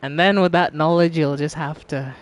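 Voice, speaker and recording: A woman's voice: low-pitched, steady tone, moderate pace. A woman streaming a game, chatting casually with her audience, teasing and laughing often and swearing freely.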